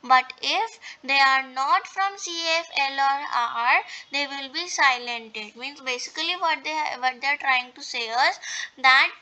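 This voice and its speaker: A woman's voice: sits high, pushed and bright, rough recording. A woman teaching French pronunciation rules in an online lesson, explaining step by step with many repeats and fillers. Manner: explains slowly with repetition and fillers.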